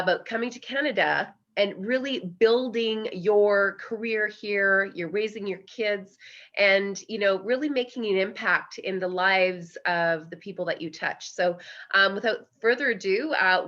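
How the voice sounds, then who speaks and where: A woman's voice: mid-range voice, measured pace, bright, forceful tone, highs cut off. A woman hosting an interview podcast, upbeat and enthusiastic as she introduces and questions her guest. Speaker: podcast host.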